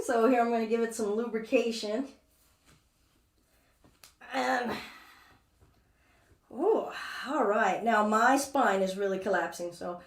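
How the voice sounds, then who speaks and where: A woman's voice: on the high side, steady tone, a little slow, long pauses, a bit bright. A woman teaching a live yoga class, chatty and playful as she talks through her own movements. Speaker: yoga instructor. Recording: echoey room, distant mic.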